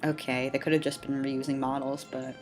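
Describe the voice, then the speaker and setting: A woman's voice: very deep voice, flat delivery, brisk, darkish tone, faint music behind. A woman doing a casual, chatty fan commentary over a cartoon episode, sarcastic and laughing, with the odd swear word.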